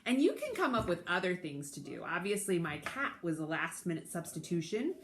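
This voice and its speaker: Gentle sing-song storytime woman. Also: fairly low pitch, sing-song, a little fast. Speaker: children's storytime host. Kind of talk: leading a children's sing-along. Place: at home. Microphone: recording alone to camera.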